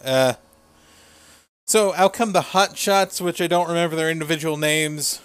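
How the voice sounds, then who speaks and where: A man's voice: on the high side, moderate pace, fairly bright tone, clear, resonant tone, dry recording. A man co-hosting a casual wrestling recap, retelling scenes with crude humor and frequent laughs. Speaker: podcast co-host.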